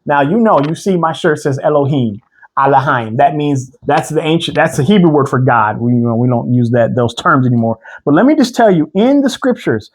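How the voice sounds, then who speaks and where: Male co-host, a bit high-pitched, animated and preachy, casual couch talk. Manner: animated, preachy, reads scripture slowly.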